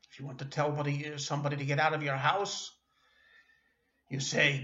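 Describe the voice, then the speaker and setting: Man, slow language lesson, patient and halting, slightly high voice, echoey room, dull lo-fi sound. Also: steady tone, sharp tone. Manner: patient, repeats and corrects himself, hesitant fillers. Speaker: language teacher.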